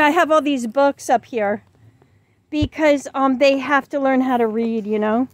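A woman's voice: high-pitched, a little slow, no room sound. A woman chatting casually to the camera, a parent making a reading video for her young children. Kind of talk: casual chat.

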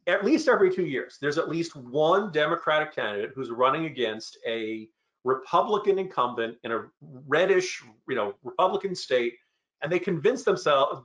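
A man on a political panel giving sardonic, fast-flowing analysis and mock-quoting his opponents. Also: on the high side, a bit bright. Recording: lo-fi, muffled audio.

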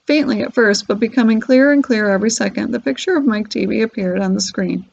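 Woman reading a kids' novel aloud, husky and gravelly, somewhat high, dull lo-fi recording. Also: fast. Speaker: reader.

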